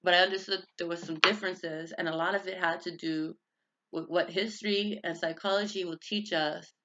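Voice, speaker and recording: Casual vlog monologue, rambling and tangential, with a raspy fry and a dull lo-fi sound. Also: mid-range voice, fairly even intonation, brisk, pushed and bright. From United States. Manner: rambling, tangential, self-interrupting. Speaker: vlogger. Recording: dull lo-fi recording.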